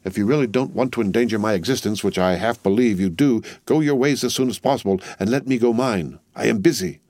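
A man voicing a furtive, irritable man who speaks curtly in a low, hushed tone. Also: fast talker, dry recording, clean studio sound, close to an everyday voice.

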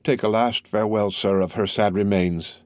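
A man reading the part of a composed, grieving older father who speaks in a measured, solemn way. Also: lowish voice, fairly even intonation, a little mellow, dry recording, studio quality, lightly acted.

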